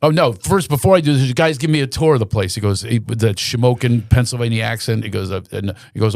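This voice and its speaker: A comedian telling long stories on a podcast, animated and quick to act out the people in them. His voice is gravelly, with a creaky edge. The sound is close and dry. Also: medium pitch, dry recording. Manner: animated storyteller who slips into quoted voices; restarts and stammers mid-story. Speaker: guest comedian. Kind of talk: storytelling in a podcast chat.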